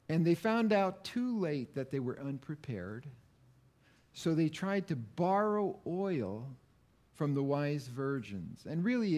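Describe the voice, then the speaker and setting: A middle-aged male pastor preaching a sermon, slow and deliberate, asking the congregation questions. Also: a little high, a little mellow.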